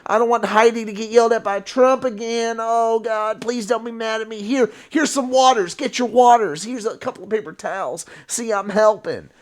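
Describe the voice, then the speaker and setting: A man's voice: very high voice, moderate pace, hardly any pauses, voice pushed up. A man doing a mocking impression of a flustered, simpering male politician who pleads and whines. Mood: whining.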